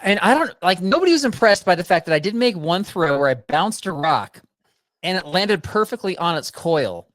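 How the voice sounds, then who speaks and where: A man's voice: high-pitched, very animated, normal speed, fairly bright tone, no echo, studio quality. A man co-hosting a casual backpacking chat, steering the topics and reading out segments. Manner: steers the talk, reads out segments. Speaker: podcast co-host.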